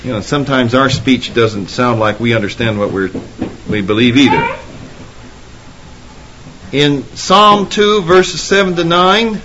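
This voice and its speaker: A man's voice: a little high, big pitch swings, measured pace, a bit bright, breathy edge. A man preaching a sermon, rising emphatically when quoting Scripture. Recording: dull lo-fi sermon recording.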